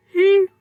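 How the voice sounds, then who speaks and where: A woman's voice: dry recording, phone-quality sound. A woman telling a funny story in a casual way, giggling and laughing often.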